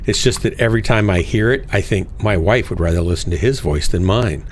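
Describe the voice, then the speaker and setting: A man's voice: fairly low pitch, a little fast, slight background noise. A man joking with his teammates over voice chat during a game stream, wry and a little defensive. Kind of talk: casual gaming voice chat.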